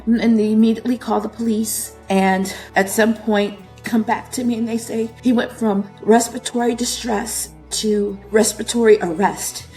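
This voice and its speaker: A woman's voice: fairly even intonation, normal speed, few pauses, warm tone, faint music behind. A woman in her thirties telling a painful personal story in an interview, her voice often breaking with emotion. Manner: tearful, voice breaking and rising into high emotion.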